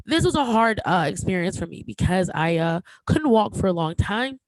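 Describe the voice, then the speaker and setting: A woman's voice: on the low side, expressive, no echo, rough recording. A woman in her thirties hosts a podcast in a casual, candid way. She stops and restarts often and gets emotional, with a joke now and then. The recording is dry and close. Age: 30s. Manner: emotional, halting, many fillers and restarts; candid and joking. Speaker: podcast host.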